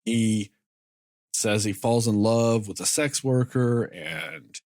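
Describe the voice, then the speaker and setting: A man's voice: on the low side, a little mellow, no echo, studio quality. A man co-hosting a casual film review podcast, rambling and swearing freely as he talks through scenes. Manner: often acts out characters' lines in quick asides. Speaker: podcast co-host.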